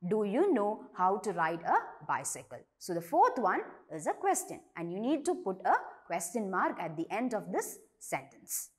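A young adult woman teaches an online class to young children, explaining slowly and patiently by asking and answering simple questions. When reading dialogue lines aloud, her pitch jumps lively.

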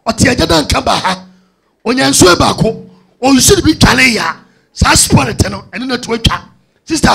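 High gravelly preacher man. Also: fairly bright tone. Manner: exhorting, chanting and calling out. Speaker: pastor. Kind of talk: church testimony session. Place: church service.

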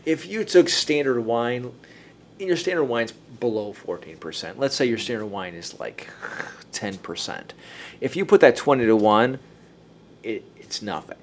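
With a medium-pitched, sing-song voice and an unhurried delivery, a man co-hosts a laid-back podcast against slight background noise. He's jokey and stumbles a bit when reading his notes aloud.

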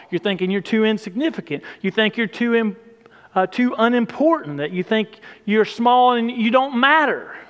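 Pastor guy preaching, high voice, big echoey church hall, punchy repeated lines. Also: a bit bright. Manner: emphatic, repetitive preaching cadence. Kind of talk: sermon. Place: church sanctuary. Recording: long church hall reverb.

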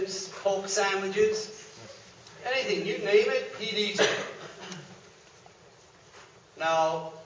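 Playful guy telling a kids story with jokey asides, slow, roomy far-off sound from a stage. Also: high-pitched, a little hiss or hum. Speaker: storyteller at a variety show. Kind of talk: comic storybook reading. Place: stage in a hall. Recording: echoey hall from far off.

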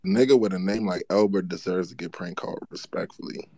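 A man's voice: deep voice, a little fast, darkish tone, no echo. A man joining a casual online chat with joking comments. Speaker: chat participant.

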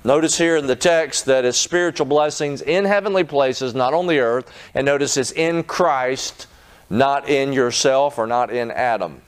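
A middle-aged man, a pastor, preaching a sermon in an earnest way, rising in pitch when he presses a point. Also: normal speed, clean tone.

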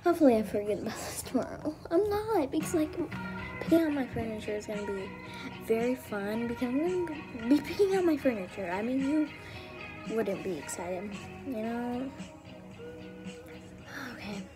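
A teenage girl vlogging in a rambling, excitable and anxious way, often dropping to a whisper. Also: a little high, moderate pace, over music. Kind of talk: casual vlog chat.

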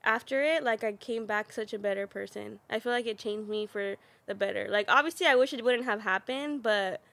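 A woman's voice: mid-range voice, brisk, creaky, a bit bright, dry recording. A young woman guest on a podcast, candidly telling personal stories in casual chat and filling her talk with "like". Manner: candid storytelling, heavy filler "like".

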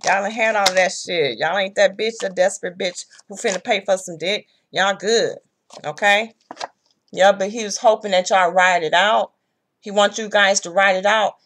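A woman's voice: mid-range voice, normal speed, a bit bright, slight background noise. Blunt, profane woman tarot reader. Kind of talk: casual tarot reading.

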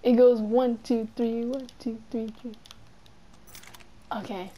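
A woman's voice: a little high, fairly even intonation, slow, mellow, a little hiss or hum. A young woman chatting casually with friends while playing a game, playful and giggly, breaking into silly sing-song bits. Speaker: gamer streaming with friends.

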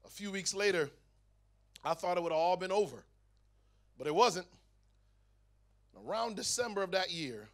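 A man giving his testimony at a youth camp meeting, telling the story in a lively way and acting out the dialogue. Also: high voice, moderate pace, pauses often. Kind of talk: testimony sermon to a youth audience.

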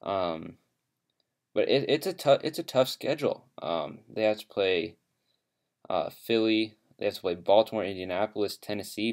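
Hesitant man talking football picks. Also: on the low side. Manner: hesitant, many ums and restarts. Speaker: host. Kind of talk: casual sports predictions.

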